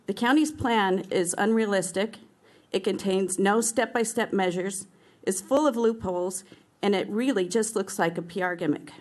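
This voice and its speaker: Mid-pitched woman, steady and critical, reading a prepared statement. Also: moderate pace. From Anaheim, California. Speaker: public commenter. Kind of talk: prepared public comment.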